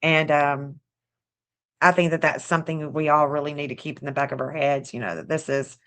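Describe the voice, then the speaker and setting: A woman's voice: deep voice, steady tone, brisk. A middle-aged woman with a Southern accent, chatting casually on a livestream, rambling and restarting her sentences. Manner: rambling, repeats herself, frequent restarts and small laughs. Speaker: online true-crime astrology host.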